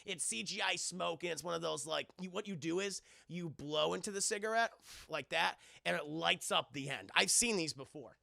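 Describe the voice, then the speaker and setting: High gravelly-voiced man ranting to his live chat. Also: normal speed, no room sound, clean studio sound. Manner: rambling, profane, animated. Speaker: livestream film reviewer. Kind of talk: casual chat with a live audience.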